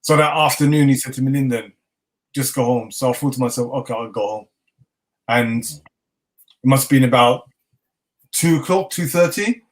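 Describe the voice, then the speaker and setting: A mid-range voice at normal speed, broken by frequent pauses, belongs to a middle-aged chef with a London English accent. Telling his story in a casual interview, he's animated, dramatizes the dialogue, and laughs often.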